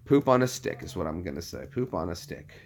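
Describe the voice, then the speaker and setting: A man's voice: low voice, expressive, brisk. A man talking casually to his camera as a vlogger, rambling and chuckling as he thinks aloud while clicking around. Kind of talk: casual vlog chat.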